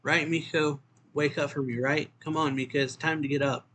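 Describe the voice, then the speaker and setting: A man's voice: on the high side, fairly even intonation, moderate pace, fairly bright tone, slight background noise, close to an everyday voice. A man reading out the lines of an eager boy who keeps calling his friend to wake up. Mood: insistent. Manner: pleading, repetitive calling.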